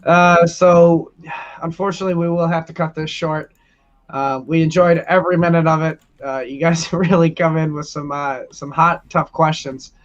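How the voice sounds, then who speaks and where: A man's voice: on the high side, flat delivery, moderate pace. A man co-hosting a sports podcast, reading out listener questions and answering them in easy, joking casual chat. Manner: reads out listener questions, jokey. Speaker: podcast co-host. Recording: dull lo-fi sound.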